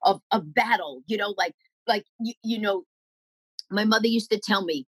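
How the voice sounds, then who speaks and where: A middle-aged woman comedian telling life stories in an interview, animated and acting out the voices of the people she quotes. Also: mid-range voice, moderate pace, breathy edge, dry recording, low-quality recording. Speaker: comedian guest. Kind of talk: storytelling interview answers.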